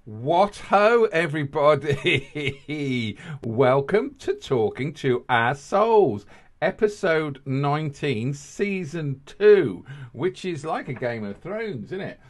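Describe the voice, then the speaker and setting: A man's voice: on the high side, big pitch swings, slow, faint music behind. A man hosting a podcast, rambling and jokey in casual banter, laughing often. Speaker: podcast host.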